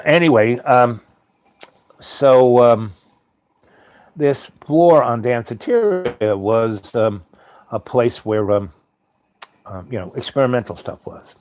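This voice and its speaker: A man's voice: mid-range voice, animated, takes it slowly, pauses often, darkish tone, a little hiss or hum. A middle-aged man telling a long personal story in a rambling, conversational way, full of ums and you-knows. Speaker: storyteller host. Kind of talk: rambling spoken-word storytelling.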